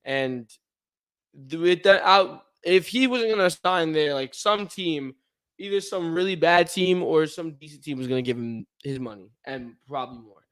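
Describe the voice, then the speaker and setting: A man's voice: fairly high pitch, normal speed, fairly bright tone, clear, resonant tone. A young man co-hosting a sports livestream, chatting casually and rambling while he waits for his partner, yawning now and then. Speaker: podcast co-host.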